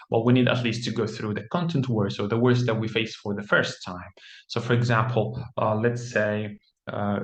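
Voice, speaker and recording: A man's voice: mid-range voice, a bit bright. Roomy-sounding male English teacher explaining. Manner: patient, explanatory, with frequent ums and self-corrections. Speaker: English teacher and PTE trainer. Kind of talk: instructional explanation. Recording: roomy echo.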